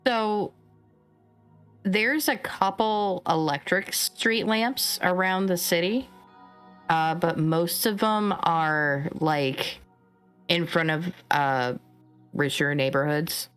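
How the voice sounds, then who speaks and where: A woman narrating as game master of a tabletop game, relaxed and rambling with many fillers. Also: lowish voice, slow pace, clean tone, faint music behind.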